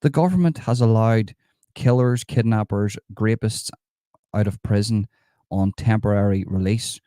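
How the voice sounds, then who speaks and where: A man's voice: on the low side, unhurried, mellow, no room sound, clean studio sound, natural voice. A man doing a sarcastic impression of a smug, mock-outraged politician, mocking comments in a live stream. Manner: sarcastic, mocking, reads comments and scoffs at them.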